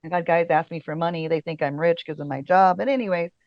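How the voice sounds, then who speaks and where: A chatty woman guest tells stories in a loose, easygoing way, full of fillers and quick laughs. Her voice sits at a middle pitch. The sound is dry and a little dull, as on a modest podcast setup. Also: steady tone, no echo. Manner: chatty storyteller, many fillers, laughs often. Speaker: casting director and podcast guest. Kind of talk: casual interview chat.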